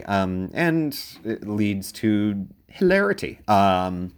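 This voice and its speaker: A man casually reviewing a film out loud, rambling and wry, with many filler sounds between thoughts. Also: fairly low pitch, lively intonation, slow, hardly any pauses.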